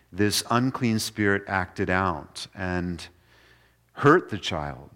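A man preaching a sermon in an earnest way, going from quiet passages to emphatic ones. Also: fairly low pitch. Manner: earnest, swings between soft and emphatic.

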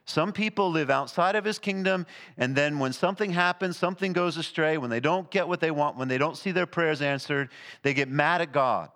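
Male pastor delivering a sermon, emphatic, shifting from loud highs to low, quiet passages. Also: a little fast. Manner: emphatic preaching, rising and falling in pitch and volume.

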